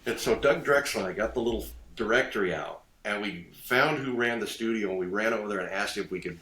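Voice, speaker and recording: An older man telling stories in a casual podcast chat, animated and quick to laugh, acting out the voices of the people he quotes. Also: lowish voice, reverberant. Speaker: guest designer.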